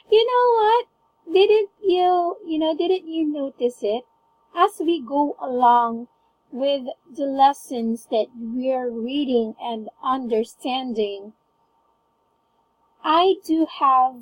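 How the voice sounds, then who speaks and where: A woman's voice: high-pitched, no echo, low-quality recording. A woman tutoring English one-on-one, patiently asking a student to read words aloud and praising each try. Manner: patient, encouraging, frequent praise. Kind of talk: one-on-one online English lesson.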